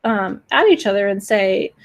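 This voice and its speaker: A woman's voice: medium pitch, lively intonation, moderate pace. A woman in her forties, a spiritual teacher giving an earnest, emotional new moon talk to her audience, pleading with them, sometimes acting out gasps and sighs. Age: 40s.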